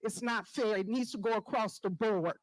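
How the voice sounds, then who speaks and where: A woman's voice: mid-range voice, moderate pace, no echo, low-quality recording. A woman resident giving a firm, disappointed public comment at a village board meeting.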